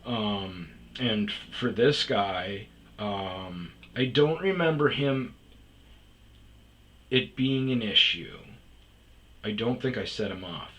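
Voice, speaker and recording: A man's voice: on the low side, animated, slow pace, long pauses, a bit bright. A man telling a story in a casual, rambling way, swearing often and restarting his sentences. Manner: rambling, profane, full of restarts. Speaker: storytelling podcast host.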